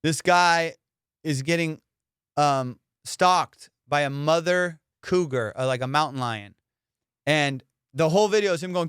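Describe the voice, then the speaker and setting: Animated, profane comedian host with a clear voice. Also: male voice, fairly high pitch, moderate pace, dry recording, studio quality. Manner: profane, animated storytelling with laughs. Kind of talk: casual podcast chat.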